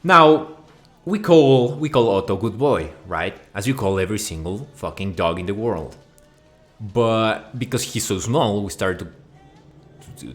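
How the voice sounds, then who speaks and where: Low male voice, from Mexico, mock-angry comic ranter with a foul mouth, faint music bed. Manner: profane, mock-outraged, rambling. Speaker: video essayist. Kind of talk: comedic rant over slides.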